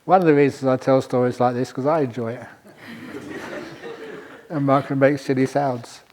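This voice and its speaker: A man's voice: medium pitch, fairly even intonation, normal speed, a little mellow, slight background noise. An older man, a monk, giving a dharma talk to a retreat audience, telling a humorous story and often chuckling. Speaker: monk teacher.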